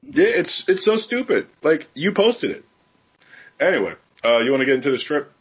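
Lively, outspoken man chatting on a podcast. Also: on the high side, normal speed, husky, dull audio. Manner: candid, profane, animated storytelling. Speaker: podcast co-host. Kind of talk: casual chat.

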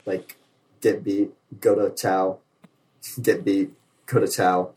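A man's voice: sits low, little pitch movement, slow, a little mellow, low-quality recording. Young man rambling with filler likes. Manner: rambling, many filler likes, laughs often. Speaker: guest, navy sailor. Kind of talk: casual storytelling chat.

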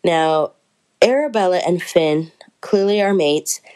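A woman's voice: on the low side, a little slow, a little mellow, low-quality recording. A woman chatting casually through a book review, rambling and correcting herself as she goes.

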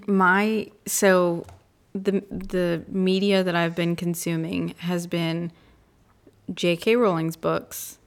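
A woman co-hosting a podcast, chatting casually with a gravelly, fry-tinged voice pitched a little low. She rambles from one thing to the next and laughs often. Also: little pitch movement, slow. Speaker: podcast co-host. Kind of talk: casual chat.

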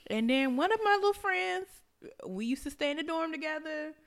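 A young woman with a high voice, talking in a loose, casual podcast chat. She tells stories in an animated way and swears freely. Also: brisk. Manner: animated, profane storytelling. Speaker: podcast co-host.

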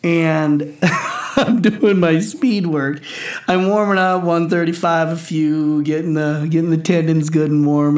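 Intense 40s lifter guy, kinda high voice, cussing, echoey room. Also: darkish tone. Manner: intense, swearing, acts out his own quotes. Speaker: powerlifter and coach. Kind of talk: casual podcast chat.

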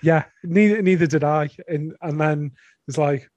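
A man's voice: fairly high pitch, normal speed, a little mellow, no room sound, lo-fi sound. Hesitant male co-host, dry close sound. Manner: hesitant, repeats words, defends his points. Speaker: podcast co-host. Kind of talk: casual chat reviewing an album.

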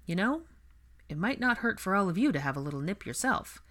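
A woman's voice: mid-range voice, big pitch swings, brisk, a bit bright, pitched above the performer's own voice. A woman voicing a weary, apologetic young man.

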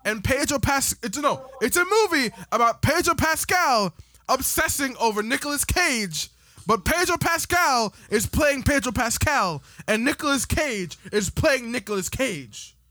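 High-voiced, lively podcast guy. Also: measured pace, no room sound, studio quality. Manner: joking, profane, laughs a lot. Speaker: podcast co-host. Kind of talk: casual chat.

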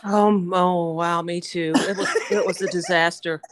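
A woman's voice: lowish voice, fairly even intonation, measured pace, no room sound, studio quality. A woman co-hosting a podcast in casual chat, self-deprecating and laughing often. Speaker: podcast co-host.

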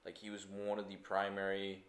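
A man hosting a casual podcast chat, enthusiastic and quick to laugh. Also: low voice, monotone, fairly bright tone. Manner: enthusiastic, laughs often, restarts and fillers. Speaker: podcast host. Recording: echoey room.

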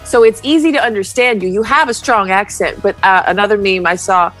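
A woman from New York co-hosting a casual podcast chat, relaxed and quick to laugh. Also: medium pitch, faint music behind. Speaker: podcast co-host.

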